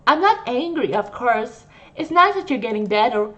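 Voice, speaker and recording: A woman's voice: on the high side, big pitch swings, moderate pace, bright, forceful tone, highs cut off, voice pushed up. A woman voicing an obsessive young female nurse who talks in a sweet, coaxing, possessive way.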